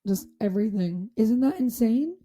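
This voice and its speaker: A young Irish woman co-hosting a casual podcast, her voice slightly high and very mellow, almost dark. She talks in an animated, sweary way, scattering "like" everywhere. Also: normal speed. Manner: animated, swears freely, many filler "like"s. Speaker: podcast co-host. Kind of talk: casual chat.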